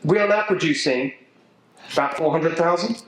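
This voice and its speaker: A middle-aged man with an English accent giving an animated, emphatic talk to a local political group, joking with the audience as he goes. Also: fairly high pitch, moderate pace. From England. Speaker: political speaker. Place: event venue with a live audience. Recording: echoey room.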